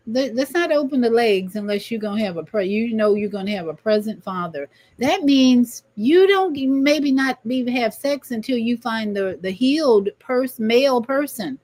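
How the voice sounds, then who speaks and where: Preachy woman hosting a livestream talk. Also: a little high. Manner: preachy, emphatic, repeats words. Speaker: livestream host. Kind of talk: spiritual talk show monologue.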